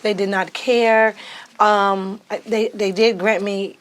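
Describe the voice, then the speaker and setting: A middle-aged woman, a podcast guest, telling her life story in a lively, casual way and jumping high in pitch when she acts out what others said. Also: slow pace. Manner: animated, acts out quoted speech with big pitch jumps.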